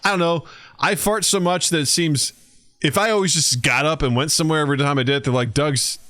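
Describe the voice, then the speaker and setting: A man co-hosting a podcast in casual, joking chat, animated and quick to act out stories. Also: fairly high pitch, dry recording. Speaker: podcast co-host.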